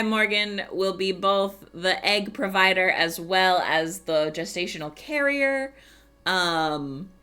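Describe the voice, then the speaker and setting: A woman streamer telling a story in casual chat, animated, swearing and laughing often. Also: lowish voice.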